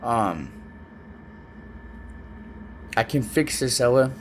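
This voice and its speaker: A man speaking straight to a camera he recorded himself, in a middle-pitched voice, earnest and halting. He stumbles and repeats words, and a faint hum of room noise sits behind him. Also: expressive. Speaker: parent speaking to his child. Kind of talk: personal video message. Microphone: self-recorded video, facing the camera.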